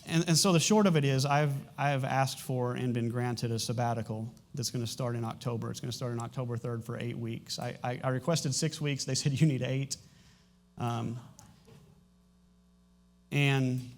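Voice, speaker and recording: A middle-aged man, a pastor, speaking candidly to his congregation in a church, halting and emotional, with frequent restarts. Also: medium pitch, steady tone. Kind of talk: sermon announcements and personal testimony. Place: church sanctuary.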